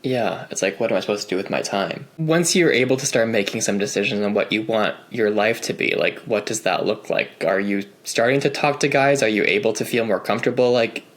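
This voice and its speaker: A man's voice: fairly low pitch, a little fast, few pauses. A man hosting a podcast, asking easygoing, open follow-up questions. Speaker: podcast host. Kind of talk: interview questions.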